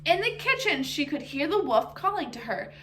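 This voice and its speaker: A woman reading a children's storybook aloud, expressively, pausing to ask her listeners questions. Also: high-pitched, sing-song, a bit bright.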